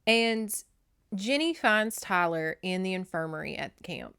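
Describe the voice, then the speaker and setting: A woman podcast host recapping a novel in a chatty, profane, animated way. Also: on the low side, measured pace, gravelly, clean tone. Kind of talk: casual book recap.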